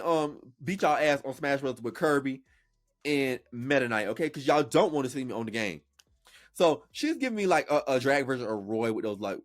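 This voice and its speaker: Animated, sassy male podcast host. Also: medium pitch. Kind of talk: casual reaction commentary.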